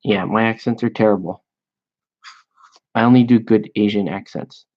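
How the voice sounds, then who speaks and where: A man's voice: lowish voice, steady tone, darkish tone. A man chatting casually and rambling with amusement as he paints miniatures at his hobby desk. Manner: slow, rambling, self-amused. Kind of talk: casual chat while painting. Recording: dull lo-fi sound.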